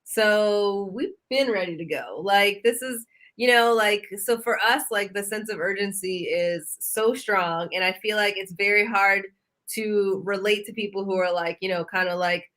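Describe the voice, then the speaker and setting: Woman, podcast guest, thoughtful rambling, bright tone. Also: medium pitch, unhurried. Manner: thoughtful, rambling, lots of fillers. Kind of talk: casual political chat.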